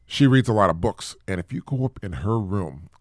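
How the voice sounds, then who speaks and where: A man's voice: fairly low pitch, a little fast, dry recording. A middle-aged man hosting a casual solo talk podcast, rambling and repeating himself as he chats. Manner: rambling, repeats words, lively and chatty. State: sneezing from allergies. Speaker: podcast host.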